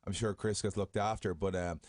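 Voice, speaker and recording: A man's voice: low voice, steady tone, fairly quick, a little mellow, no room sound. An Irish man in a studio, telling self-mocking stories as a guest in a casual interview. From Ireland. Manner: chatty, self-mocking storyteller. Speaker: guest wrestler. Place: radio studio.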